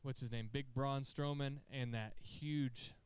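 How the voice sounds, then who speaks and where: A man co-hosting a podcast, chatting casually and retelling stories in a rambling, animated, profane way. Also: mid-range voice, unhurried, clean tone, no room sound. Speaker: podcast co-host. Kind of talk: casual chat, excited storytelling. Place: podcast studio.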